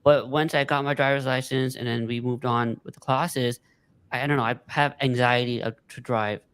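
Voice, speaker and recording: Male guest from California, plain mid-range voice, earnest and halting. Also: medium pitch, fairly even intonation, a bit bright, smooth. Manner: candid, hesitant, with uh's and restarts. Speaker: podcast guest. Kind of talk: casual chat.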